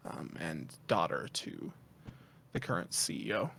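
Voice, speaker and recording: A man narrating a tabletop game as game master, in a relaxed, halting way with many fillers. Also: deep voice, vocal fry, slight background noise.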